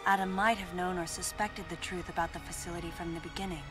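An actress voicing a reserved female bounty hunter in a video game cutscene, speaking in a low, subdued way. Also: steady tone, fast talker, over music, natural voice. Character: stoic female bounty hunter, grown woman. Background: game score.

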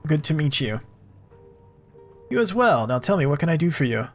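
A polished, well-mannered rigger with a faint Russian accent, his courtesy edged with quiet menace, as a man voices him. The delivery is smooth and measured, pitched a little high. Faint music plays underneath. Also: big pitch swings. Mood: polite.

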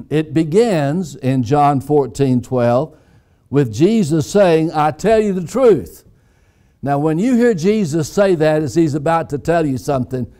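A man preaching a sermon as pastor, deliberate and emphatic, repeating key phrases. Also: on the high side, warm tone. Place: church sanctuary.

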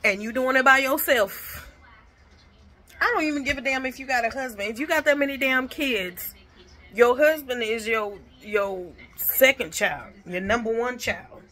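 A woman vlogs casually from her kitchen, talking bluntly and cursing freely while barely opening her lips. Her voice is a little high with a sharp tone, and she speaks at a moderate pace.

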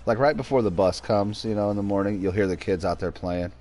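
A man's voice: lowish voice, brisk, warm tone. A man streaming a game, chatting casually with viewers and his pet. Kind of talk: casual livestream chat.

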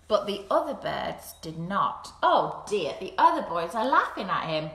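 A woman, reading a picture book aloud on a live stream for young children. She is animated and drops into soft whispers and squeaky sound effects. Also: unhurried, hardly any pauses. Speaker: children's storyteller. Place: home kitchen. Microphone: camera set up in front of her. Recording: roomy home room echo.

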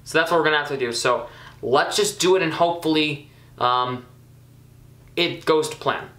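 A young man casually commenting on his own gameplay, chatty and excitable, scolding himself with frequent ums and uhs. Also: on the high side, normal speed, echoey room. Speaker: gaming YouTuber.

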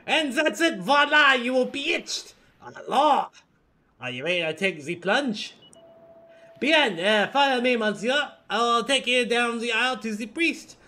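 A man's voice: very high voice, animated, normal speed, hardly any pauses, bright, forceful tone, pitched above the performer's own voice, exaggerated voice. A man voicing a fussy, gushing male wedding planner in a game read-along, with a hammy fake French accent.

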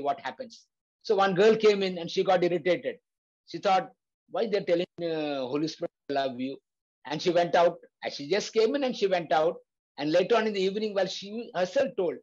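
A man's voice: high voice, lo-fi sound. A man leading a Bible study, preaching earnestly with repeated phrases and frequent fillers. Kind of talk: preaching to a prayer group.

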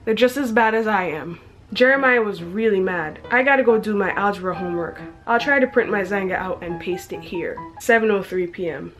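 A woman's voice: medium pitch, brisk, fairly bright tone, soft background music. A young woman reading her teenage diary aloud, breaking off for chatty, self-mocking asides and frequent giggles. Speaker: vlogger.

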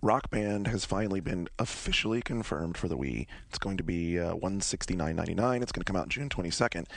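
A man co-hosting a podcast, chatting excitedly about game news and moving between topics. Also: low-pitched, fast, creaky, dry recording. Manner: excited, news-reading segues. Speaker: podcast co-host. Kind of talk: casual chat.

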